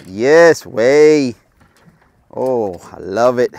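A slow-talking man on a small offshore fishing boat, his pitch leaping all over as he whoops and hollers at each bite. He narrates his catches in loose, excited chatter. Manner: exclaims loudly and whoops at catches. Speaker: fishing vlogger. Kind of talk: excited casual commentary.

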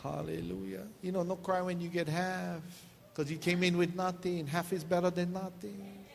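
A playful pastor preaches to his church, laughing as he goes and acting out little scenes. His man's voice sits a bit high. The hall carries a long reverb over a faint hiss. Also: little pitch movement, moderate pace, vocal fry. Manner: playful, laughing often, acts out quotes. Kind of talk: joking sermon.

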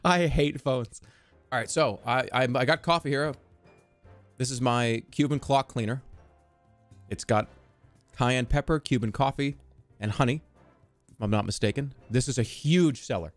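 A man streaming a game, talking in an excitable, joking, profane way. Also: medium pitch, moderate pace, long pauses, faint music behind. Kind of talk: casual gameplay commentary.

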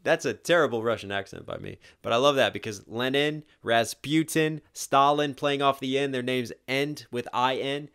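A young man, a rapper, reacting to a music video in casual, animated commentary, swearing and laughing often. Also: mid-range voice, moderate pace, hardly any pauses, clean tone.

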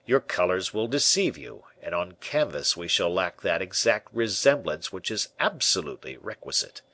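A man voicing a sly male bishop who speaks in a measured, quiet way. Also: low-pitched, very animated, dry recording, full character voice. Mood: calm, scheming. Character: sly, smooth-talking male bishop and ex-musketeer.

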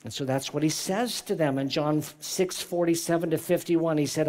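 A man's voice: fairly high pitch, moderate pace, hardly any pauses, a little mellow. A man preaching a sermon as pastor in a church, reading scripture aloud and explaining it with rhetorical questions.

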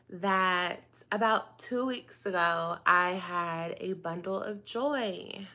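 A woman's voice: medium pitch, animated, very slow, pauses often, bright, forceful tone. A woman talking to her viewers in a casual monologue, dramatic and drawn out, addressing them again and again. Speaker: online video host.

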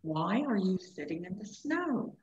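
A woman voicing a great silver male wolf who speaks slowly, deliberately and gently. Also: fairly low pitch, lively intonation, a little hiss or hum. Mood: gentle. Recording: echoey room, dull lo-fi sound.

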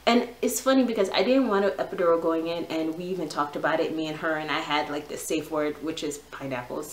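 A woman's voice: low-pitched, echoey room, poor audio. A young woman vlogger telling a long personal story in a chatty, casual way, full of "like" and "yo". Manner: chatty, lots of "like" and "yo".

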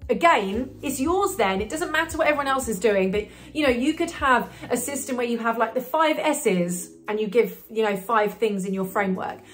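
A woman's voice: a little high, moderate pace, hardly any pauses, faint music behind. Chatty woman coaching on marketing. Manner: chatty, upbeat, many fillers and restarts. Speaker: business coach. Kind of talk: talking-head marketing advice video.

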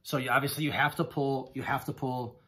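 A man's voice: medium pitch, steady tone, pushed and bright. Gushing, effusive man vlogger. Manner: effusive, gushing thanks with halting restarts. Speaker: haul vlogger. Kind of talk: casual haul video chat.

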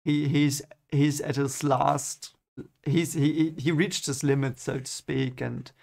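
Gravelly young man, halting read-along commentary. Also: on the high side, little pitch movement, darkish tone. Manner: hesitant, repeats words, chuckles often. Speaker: book reader reacting.

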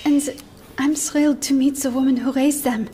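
A shy young engineer speaks in a high, soft voice, stumbling and restarting as she searches for words, as an actress plays her. She is earnest and gentle rather than bold. A scene from a game cinematic. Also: steady tone, normal speed, soft background music, natural voice. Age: young adult. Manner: hesitant, stammering, gentle.

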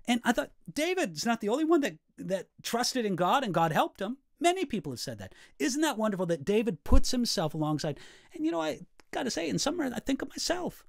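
Earnest male pastor with a lively voice. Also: very high-pitched, fairly quick, creaky, dry recording, studio quality. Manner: earnest, reflective, quoting scripture aloud. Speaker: pastor teaching Bible study. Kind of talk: explaining study notes.

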